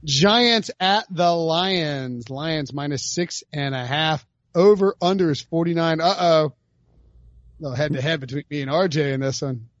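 High-voiced ranting man host. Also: a little slow, dry recording, dull audio. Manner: emphatic, ranting, hyperbolic. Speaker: podcast host. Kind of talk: sports betting chat.

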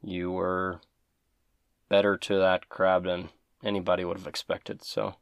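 A man doing a gentle, calm ranch hand. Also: low voice, gravelly, clean tone, no room sound, clean studio sound. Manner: gentle, measured.

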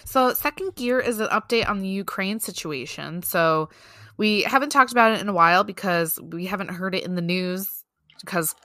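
Casual female podcast co-host, chatty, bright tone, dry close sound. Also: mid-range voice, moderate pace, no room sound. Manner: chatty, laughs often, loose fillers. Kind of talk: casual news chat.

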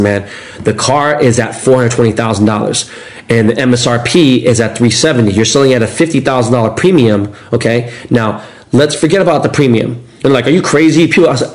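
A man telling stories as a podcast guest, animated and profane, acting out quotes. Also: mid-range voice. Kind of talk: casual storytelling.

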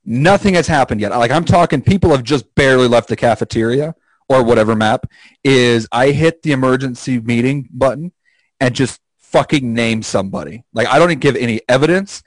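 Male podcast co-host, animated storyteller, mid-range voice, dry close mic. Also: brisk, dry recording. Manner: animated storyteller, acts out quotes with jumps in pitch. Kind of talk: casual chat.

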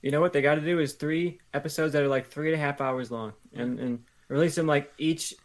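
Man, podcast co-host: level, monotone delivery, thoughtful, restarts his sentences. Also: on the high side, brisk. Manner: even, thoughtful, with hesitant restarts. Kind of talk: casual chat.

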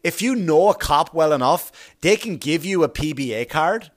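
A man's voice: a little high, lively intonation, moderate pace. A man from Long Island, a comedian giving a blunt, profane monologue and acting out other people's voices. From Long Island, New York.

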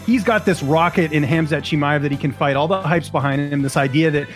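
A man's voice: fairly high pitch, fairly quick, faint music behind. A man from Canada, a journalist guest on a casual podcast, who jokes and then argues his opinions in earnest. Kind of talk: casual chat.

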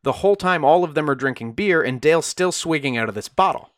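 A man's voice: a little high, expressive, fast talker, no room sound, studio quality. A man co-hosting a podcast, telling a true crime story in a casual, conversational way and briefly acting out the quoted voices.

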